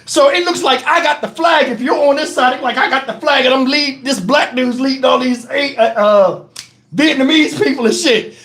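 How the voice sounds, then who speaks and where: High-voiced man telling stories on a live stream. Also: normal speed. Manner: animated, profane, laughs through his stories. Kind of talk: casual storytelling on a live stream.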